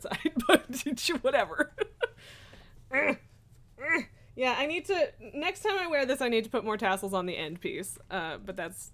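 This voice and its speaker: A woman's voice: fairly high pitch, sharp tone. A young woman streaming a game, chatting casually and giggling often. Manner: chatty and giggly, many fillers. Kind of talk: casual live-stream chat. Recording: game music underneath.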